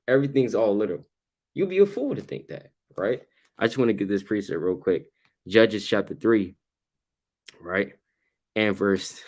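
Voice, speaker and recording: A man with a fairly low voice teaches scripture in a loose, conversational way. He talks with animation and keeps asking rhetorical questions. He tags "right?" onto nearly every point. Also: darkish tone. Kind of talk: informal bible study discussion.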